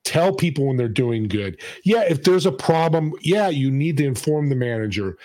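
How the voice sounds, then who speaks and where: A man telling a story in casual conversation, acting out the people he quotes with a lively delivery. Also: medium pitch, moderate pace, no room sound. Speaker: podcast host and guest.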